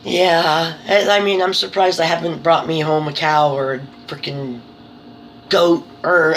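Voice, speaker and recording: A woman's voice: low-pitched, steady tone, measured pace, a little hiss or hum, poor audio. Chatty woman venting and laughing. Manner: chatty, exasperated storytelling that tips into laughing disbelief. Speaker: vlogger running a small home business. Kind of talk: casual chat to camera. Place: her living room at home.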